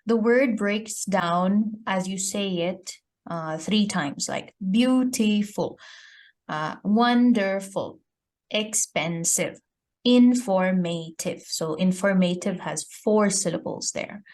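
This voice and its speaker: A woman's voice: medium pitch, slow. A woman teacher giving a grammar lesson, explaining step by step and often checking her student's understanding with "okay?". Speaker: English teacher.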